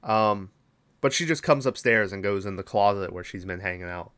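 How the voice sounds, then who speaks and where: This podcast host is a young man with a fairly low, clear, resonant voice that's a bit bright, speaking at normal speed. He gives a rambling, profane recap of a horror movie, full of fillers and quoted lines.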